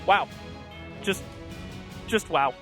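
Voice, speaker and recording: A man casting a live esports match, breaking down plays quickly and analytically and getting loud and high at the big moments. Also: huge pitch swings. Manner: fast analytical play-by-play, loud and high at climaxes. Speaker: esports caster. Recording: music clearly behind the voice.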